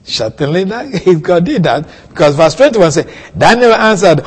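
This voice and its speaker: A man preaching a sermon, teaching slowly through a Bible passage with soft chuckles and questions to his listeners. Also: sits high, big pitch swings, husky, long reverb tail.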